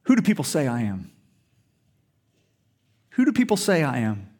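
A man's voice: mid-range voice, wildly swooping pitch, normal speed, darkish tone, pitched below the performer's own voice. A man voicing a weary teacher who bluntly turns the questions back on his followers. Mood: exasperated. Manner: blunt, exasperated.

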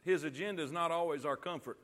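A man preaching a sermon, calling on the congregation to repeat lines back and building to loud emphasis. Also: fairly high pitch, fast talker. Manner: call-and-response preaching, rising to loud emphasis. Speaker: pastor.

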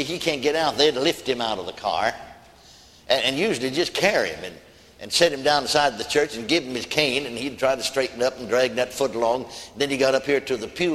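A man's voice: mid-range voice, fairly bright tone. A man preaching a sermon, telling a story in a folksy, emphatic way. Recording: long hall reverb.

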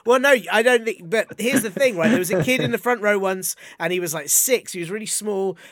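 A male comedian telling anecdotes in casual chat, animated and laughing as he goes. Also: high voice, fairly quick, no room sound, clean studio sound. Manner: animated storyteller, laughs mid-sentence. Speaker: comedian guest.

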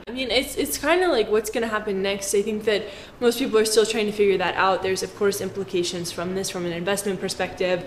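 A woman talks to her viewers in a relaxed, chatty way, slipping playful jokes into her explanations. Her voice sits at an ordinary middle pitch. The room gives it a noticeable echo, with faint noise underneath. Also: fairly quick, few pauses. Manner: chatty and jokey, with playful asides. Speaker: finance commentator. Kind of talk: casual explainer talk to camera.

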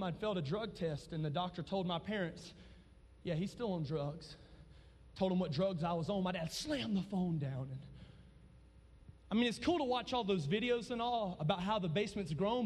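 A young man, preaching a testimony sermon and swinging from loud shouts to hushed low tones. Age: 20s. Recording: long reverb of a large hall.

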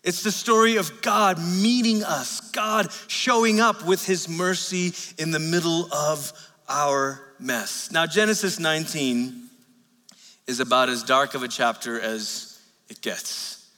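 A male pastor with a high, bright voice tells stories in his sermon in a chatty, self-deprecating way. His words ring out in a church hall with a long reverb. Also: slow pace. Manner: conversational storytelling with self-deprecating asides. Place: church sanctuary.

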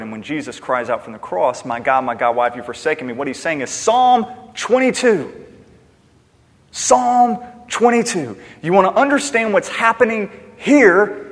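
Impassioned male preacher in a reverberant hall. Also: fairly high pitch. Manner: impassioned preaching, swings from loud emphasis to hushed. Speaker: pastor. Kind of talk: sermon.

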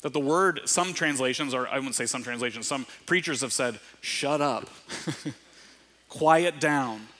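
A man preaches a sermon in a loose, conversational way, tossing in quick asides as he goes. His voice is bright and forceful, sitting at an ordinary middle pitch. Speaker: pastor.

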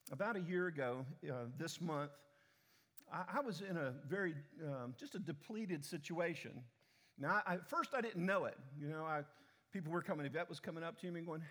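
A man's voice: on the high side, brisk, a bit bright. A middle-aged man preaching a sermon to a church congregation, often repeating words as he restarts, with conversational asides to the people. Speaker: pastor.

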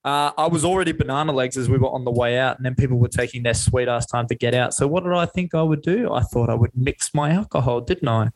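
A young Australian man cohosting a podcast, telling a rambling, self-mocking story with plenty of swearing. His voice sits in a middling pitch, and he talks in a loose, casual way. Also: fast talker, hardly any pauses, darkish tone, poor audio. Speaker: podcast co-host.

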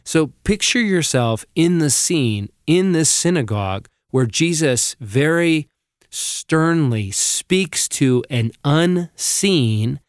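A man co-hosting a podcast, earnestly teaching through Bible passages and reading scripture aloud at a slow, deliberate pace. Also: fairly high pitch, expressive, clean tone, no echo, studio quality. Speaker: podcast co-host.

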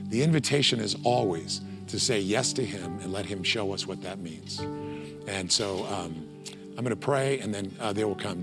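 Middle-aged man, pastor, preaching with fillers over clear background music. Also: fairly low pitch, moderate pace. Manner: storytelling with acted quotes and many fillers. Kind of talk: sermon.

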